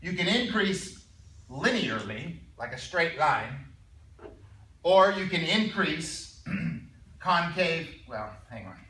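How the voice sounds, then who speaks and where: A man teaching a calculus class, chatty and stumbling over repeated words, clearing his throat now and then. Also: a little high, lively intonation, takes it slowly, pauses often, sharp tone. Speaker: math teacher. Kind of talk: classroom lecture. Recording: echoey room, mic far off.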